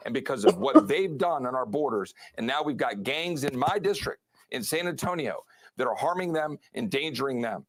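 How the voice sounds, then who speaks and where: A man, a congressman, speaking in a televised interview with forceful campaign rhetoric. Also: mid-range voice, animated, normal speed.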